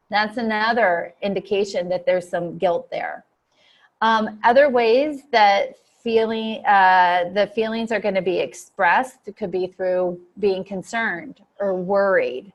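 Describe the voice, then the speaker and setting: A woman's voice: medium pitch, measured pace, highs cut off. A woman coach teaching an online lesson for coaches, explaining steadily with frequent fillers and acting out client quotes. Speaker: coach trainer.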